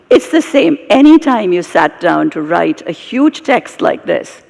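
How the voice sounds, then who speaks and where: Brief: British woman, expressive onstage storyteller, gravelly edge, live hall echo. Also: on the low side, unhurried, few pauses. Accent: British English. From Britain, of Indian heritage. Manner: animated, expressive storytelling with asides. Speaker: storyteller and guest speaker.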